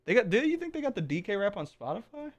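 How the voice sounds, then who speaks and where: A man's voice: high voice, big pitch swings, fast, no echo. A man streaming live, chatting casually with his chat, joking and swearing as he reacts. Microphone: close desk mic with headphones.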